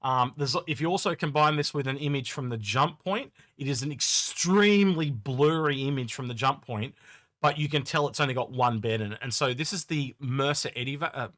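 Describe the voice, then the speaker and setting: Australian man, young adult, gaming podcast host, chatty, self-deprecating, mid-pitched, dry close mic. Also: fairly quick, a bit bright, no echo. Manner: chatty, self-deprecating, narrates while browsing a trailer. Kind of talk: casual gaming chat.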